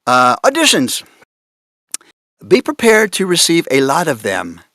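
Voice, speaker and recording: A man speaking on a conference panel about voice casting, animated and amused as he reads out odd casting notes. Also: on the high side, measured pace, no room sound, clean studio sound. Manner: animated, laughing, reads out examples with amused disbelief. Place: conference room.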